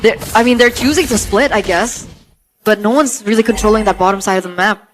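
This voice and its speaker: A woman giving conversational color commentary on an esports match, with quick reactive asides. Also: medium pitch, a little hiss or hum. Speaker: esports co-caster.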